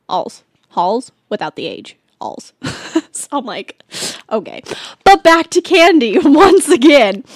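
Teen girl host, chatty and rambling, slightly high, dry studio sound. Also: no echo. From California. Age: teens. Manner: bubbly, rambling, giggly, lots of "like". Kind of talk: casual solo chat show.

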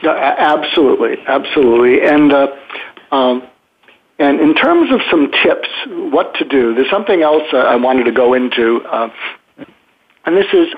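A psychiatrist hosting a podcast gives conversational advice on communication techniques, thoughtfully explaining them, often restarting his sentences, and acting out example phrases. His medium-pitched voice is husky and very animated at a moderate pace, and the audio sounds like a phone line.

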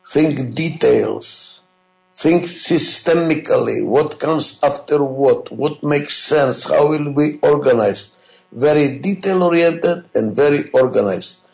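A man's voice: a little high, vocal fry, roomy sound, rough recording. A man giving a management lecture, emphatic and repetitive, often asking rhetorical questions. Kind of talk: classroom lecture.

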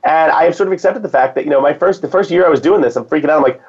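A man's voice: a little high, racing, few pauses, slightly rough. A man talking casually as a guest, rambling with restarts and fillers. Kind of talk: casual conversation. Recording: dull lo-fi sound.

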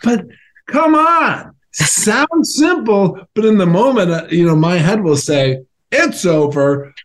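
A man speaks as a podcast guest in an earnest, unhurried way, his voice sitting a little high for a man. He pauses and restarts as he recalls his past, sometimes slipping into the voices of people from his memories. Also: animated. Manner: earnest, halting, acts out remembered phone calls. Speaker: guest, former professional tennis player. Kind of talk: conversational podcast storytelling.

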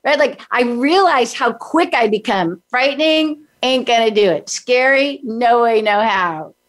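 A woman's voice: on the high side, lively intonation, measured pace. A woman from San Diego, a podcast guest, telling a motivational story and acting out her own inner dialogue.

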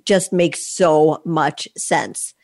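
A woman's voice: deep voice, fairly even intonation, very slow, darkish tone. A woman hosting a podcast interview, chatty and effusive, often restarting her sentences. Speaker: podcast host.

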